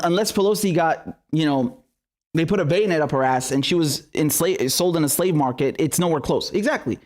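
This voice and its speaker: A man's voice: a little high, a little mellow. Furious profane man ranting on a livestream. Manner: furious, profane ranting with frequent stammered restarts; reads viewer super chats aloud. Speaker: political commentary show host. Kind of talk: angry livestream commentary.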